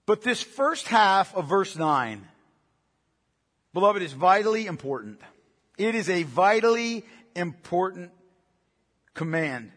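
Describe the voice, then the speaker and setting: A man's voice: high voice, animated, takes it slowly, long pauses, a bit bright. A man preaching a sermon as pastor, earnest and emphatic, piling up rhetorical questions and checking in with his listeners. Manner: earnest, emphatic, asks many rhetorical questions, often adds "right?". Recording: long reverb of a large hall.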